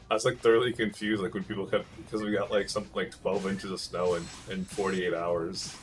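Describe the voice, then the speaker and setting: Low-voiced rambling man from Michigan. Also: little pitch movement, moderate pace, pauses often, soft background music. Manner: rambling, heavy use of "like". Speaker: game streamer. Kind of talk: casual chat while gaming.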